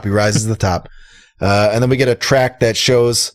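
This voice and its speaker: A male podcast co-host reviews records in casual chat, rambling, joking, and animated, laughing at his own lines. He speaks in a mid-range voice at a moderate pace.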